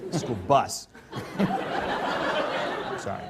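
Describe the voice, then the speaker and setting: A man's voice: extremely slow, background noise. A man playing a nervous newsreader applicant who keeps tripping over his words in an improvised comedy sketch, recorded on a live stage with a studio audience. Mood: flustered.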